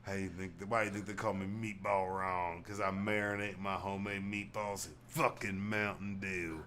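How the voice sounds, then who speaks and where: A man with a low, bright and forceful voice riffing through casual podcast banter. He jokes loudly, swears freely and breaks into laughter, with faint room ambience behind him. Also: level tone, normal speed, slight background noise. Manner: loud, joking, swearing, bursts into laughter. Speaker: podcast host. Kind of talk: casual comedic chat.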